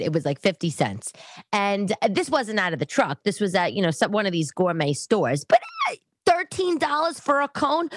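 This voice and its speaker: A middle-aged woman hosts a podcast from her living room, delivering a casual monologue that is chatty and rambling, wandering off on tangents. Her voice is mid-range, with no echo.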